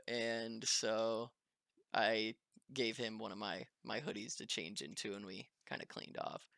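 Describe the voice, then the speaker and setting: A man telling a story to his viewers in a casual, animated, chatty way, often breaking into laughter. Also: mid-range voice, normal speed, clean tone, no echo, studio quality. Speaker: vlogger.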